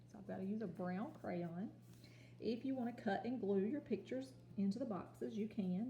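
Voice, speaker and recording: A woman teaching a kindergarten home lesson on video, sounding out letters and words slowly and patiently. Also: medium pitch, warm tone, echoey room, slight background noise. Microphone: phone or camera.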